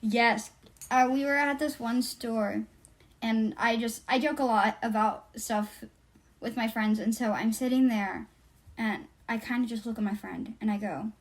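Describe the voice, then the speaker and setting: A woman's voice: fairly high pitch, a little slow. A teenage girl co-hosting a casual chat, telling stories and acting out what people said. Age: teens. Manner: animated storytelling, acts out quotes. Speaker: podcast co-host.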